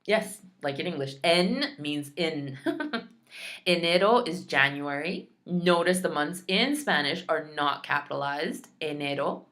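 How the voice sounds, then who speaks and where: Slow, careful woman teaching Spanish. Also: low voice, expressive, a bit bright. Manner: slow, careful pronunciation drills, repeating each word; chatty asides between drills. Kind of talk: recorded language lesson.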